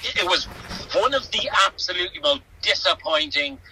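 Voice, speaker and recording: A middle-aged Irish man, a guest on a radio chat, telling animated stories full of restarts. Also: sits high, normal speed, slight background noise, low-quality recording. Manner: animated storytelling with frequent restarts. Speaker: guest, event worker.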